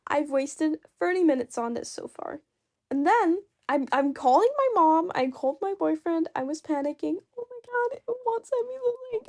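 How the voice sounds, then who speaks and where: Brief: high-pitched woman, non-native English, animated self-mocking storyteller who laughs a lot. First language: not English. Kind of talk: casual storytelling narration.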